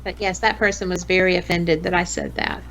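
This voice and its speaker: A woman in her late fifties with a Southern US accent, a radio host chatting as a podcast guest, folksy and quick to laugh. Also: on the low side, steady tone, a bit bright, highs cut off, a little hiss or hum. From American South. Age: 50s. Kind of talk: casual interview chat.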